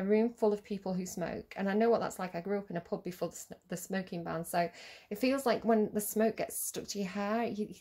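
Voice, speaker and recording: A woman's voice: medium pitch, a little mellow. A woman giving a casual tarot reading, chatty and giggly, rambling with lots of fillers. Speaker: tarot reader.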